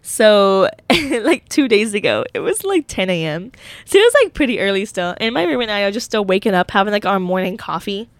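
A woman's voice: mid-range voice, lively intonation, brisk, dry recording. A young woman hosting a solo podcast from her college dorm room, telling a rambling, giggly story full of fillers. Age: young adult. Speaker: podcast host.

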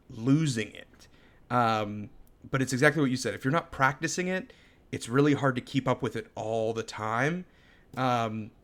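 A man co-hosting a podcast, telling stories in an animated, casual chat and laughing often. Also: mid-range voice. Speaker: podcast co-host.

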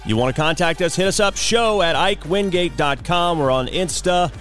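A man's voice: high-pitched, normal speed, fairly bright tone, soft background music. Chatty man hosting a morning podcast. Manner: chatty, joking, loose asides. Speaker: morning show host. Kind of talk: casual solo podcast talk.

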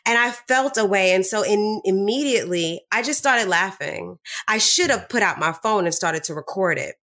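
A young woman co-hosting a podcast, telling a story with animated quoted dialogue in casual chat. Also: mid-range voice, normal speed. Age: young adult. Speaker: podcast co-host.

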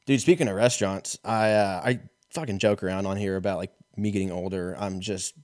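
A man's voice: deep voice, brisk, a little mellow, no echo, studio quality. A man hosting a podcast, rambling through a casual comedic monologue full of profanity and self-mockery. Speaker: podcast host.

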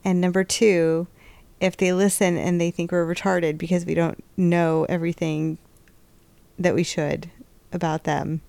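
A woman's voice: fairly low pitch, flat delivery, a little slow, vocal fry, darkish tone, dry recording. A woman guesting on a podcast in casual chat, chatty and rambling.

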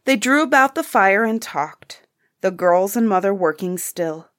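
Slow, measured woman narrator. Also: medium pitch. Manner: calm, measured storytelling. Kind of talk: scripted audiobook narration.

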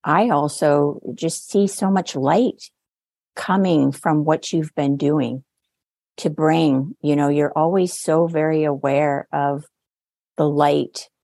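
A woman co-hosting a podcast answers her colleague in a gentle, affirming and measured way. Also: sits low, gravelly, no echo. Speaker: podcast co-host, nurse coach. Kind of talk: warm reflective podcast conversation.

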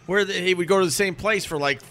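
A man's voice: sits high, quick pace, bright, forceful tone, slight background noise. A man making blunt, profane, grumbling remarks during a casual podcast chat.

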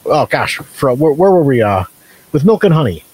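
A man co-hosting a casual podcast, chatty and quick to laugh in friendly banter. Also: mid-range voice, big pitch swings, a little mellow, breathy edge. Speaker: podcast co-host. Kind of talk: casual chat.

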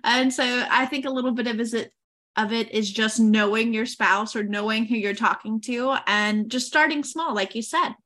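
A woman hosts a podcast interview, answering her guest in an encouraging, reflective way. Her voice is a little high, with a bright, forceful tone. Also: normal speed. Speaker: podcast host. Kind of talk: interview conversation.

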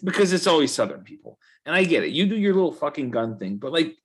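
A man's voice: a little high, sing-song, fast talker, slightly rough. A man co-hosting a podcast, chatting casually in a loose, profane, ranting way. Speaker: podcast co-host. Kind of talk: casual chat.

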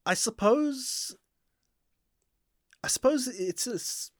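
A man co-hosting a podcast in casual chat, explaining things in a measured way with some hesitations. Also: very high-pitched, expressive, dry recording, studio quality. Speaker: podcast co-host.

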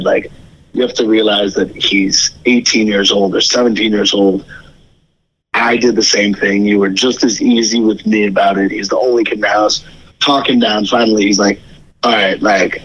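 A man's voice: fairly low pitch, a bit bright, breathy edge, poor audio. A young man telling his side of a family story in a chatty, casual way, acting out the quoted voices.

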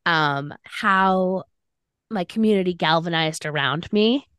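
Speaking slowly in a clean, low-side voice, a young woman co-hosts a podcast in a dry studio-quality recording. She animatedly shares a personal story, with lots of "like" fillers and quoted lines she acts out.

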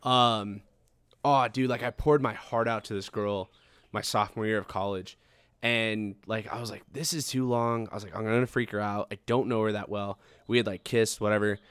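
A man's voice: on the low side, fairly even intonation, moderate pace, fairly bright tone, smooth, no echo. A young man telling a long story in casual podcast chat, swearing freely and acting out how he reacted back then. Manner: swears often, acts out his own past reactions.

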